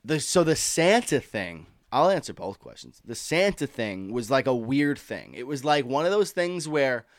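Animated, lively man telling stories. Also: mid-range voice, moderate pace, hardly any pauses, dry recording, studio quality. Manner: animated storyteller, swears freely, acts out voices. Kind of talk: casual chat.

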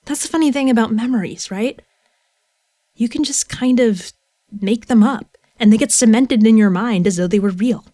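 An actress reading a first-person tale as a young adult obsessed with half-remembered lizards, in a rambling, intense way. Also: female voice, on the high side, moderate pace, warm tone, dry recording, clean studio sound, lightly acted. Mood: obsessive. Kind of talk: first-person story reading, audio drama.

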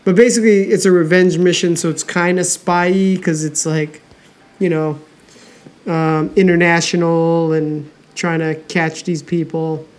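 A man's voice: on the high side, a little slow. Laid-back guy cohosting a podcast, lots of ums, easygoing chat. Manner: hesitant, many ums, relaxed. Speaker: podcast co-host. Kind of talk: casual chat.

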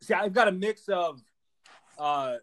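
An enthusiastic man in his thirties with a Wisconsin Midwest accent, hosting a podcast. His voice sits a little on the high side, and he talks quickly, packing his sentences with "man" and "you know". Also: a bit bright. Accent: Wisconsin Midwest American. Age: 30s. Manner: enthusiastic, fast-talking, lots of fillers like man and you know. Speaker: podcast host. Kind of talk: podcast intro and interview.

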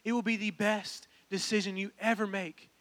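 A man's voice: sits high, flat delivery, normal speed, a bit bright. A young man, preaching a personal, earnest sermon that builds to emphatic calls. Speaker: pastor. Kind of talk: sermon with altar call.

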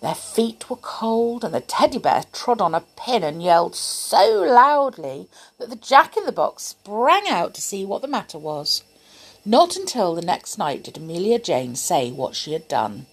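Expressive woman reading a children's story. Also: medium pitch, breathy edge. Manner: expressive, slow and lilting.

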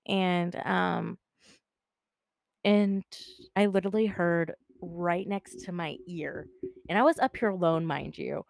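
Brief: woman, lower voice, dry close sound, chatty storyteller who swears and quotes people. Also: takes it slowly, creaky, no room sound. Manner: chatty, filler-heavy, swears freely; acts out dialogue in quotes. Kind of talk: casual storytelling.

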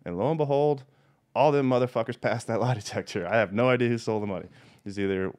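A man's voice: medium pitch, fast talker. A man hosting a podcast, telling blunt, profanity-laced stories in a casual chatty way. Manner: profane, blunt, animated storyteller. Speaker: podcast host. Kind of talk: casual storytelling.

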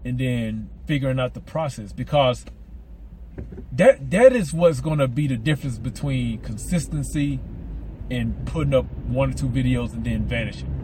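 A man's voice: mid-range voice, moderate pace. Southern-accented male podcast host, slight lisp, rambly and eager, street noise audible. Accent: Southern American. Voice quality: slight lisp from mouth aligners. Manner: rambling, repeats words, enthusiastic. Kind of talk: casual solo podcast monologue.

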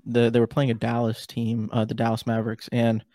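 A man's voice: mid-range voice, monotone, brisk, mellow, no echo, clean studio sound. A man hosting a casual podcast conversation, talking in a rambling way with many fillers and restarts. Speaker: podcast host.

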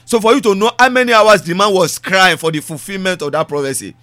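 Man, sermon, high pitched, bright, repeating phrases for emphasis, dry close sound. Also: quick pace, no room sound. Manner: preaching with repetition and rising emphasis. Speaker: preacher.

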